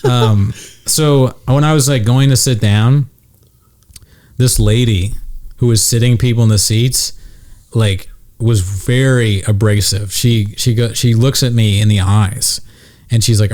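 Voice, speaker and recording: A man's voice: fairly low pitch, fairly even intonation, normal speed, a little mellow. A man hosting a podcast in crude, casual chat, telling stories and acting out the people in them. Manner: crude, storytelling, acts out voices. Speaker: podcast host.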